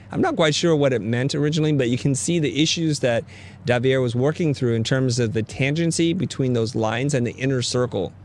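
A man's voice: mid-range voice, slight background noise. A man hosting a casual design critique live stream, upbeat and joking as he teases his guests. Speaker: host of a design critique show.

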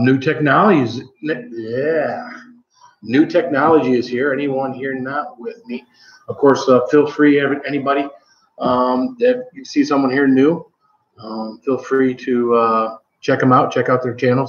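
In a casual home live stream, a medium-pitched channel host from Michigan, USA, rambles along, peppering his talk with ums and self-corrections. The recording has a roomy, slightly dull sound.

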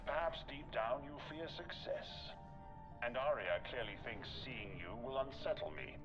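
A man's voice: mid-range voice, lively intonation, moderate pace, dull audio, over music, lightly acted. An actor playing a smug, menacing male villain commander in a video game, taunting and cool.

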